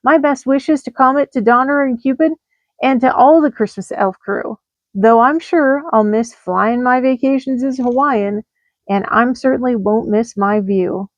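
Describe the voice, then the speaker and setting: Woman reading funny rhyming letters, kinda high voice, sing-song, dry dull-ish recording. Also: unhurried, no echo. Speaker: storyteller.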